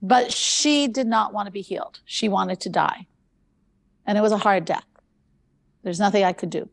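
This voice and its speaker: A woman hosting a conference talk, telling stories in an animated way and repeating phrases for emphasis. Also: medium pitch, normal speed, gravelly. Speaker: conference host.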